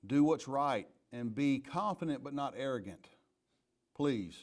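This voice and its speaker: A man's voice: medium pitch, unhurried. A middle-aged man, a police chief giving a leadership training talk full of folksy, joking stories. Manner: lively storyteller, folksy and joking.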